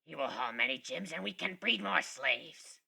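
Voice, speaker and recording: A man's voice: a little high, lively intonation, moderate pace, vocal fry, bright, forceful tone, breathy edge, exaggerated voice. A man voicing a cowardly, whiny male dog-creature leader in a fan story reading. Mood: urgent.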